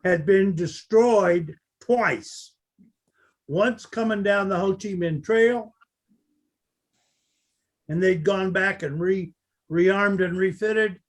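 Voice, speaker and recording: A man in his seventies, a veteran telling his account of a battle, halting often with fillers. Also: high voice. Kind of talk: unscripted recollection.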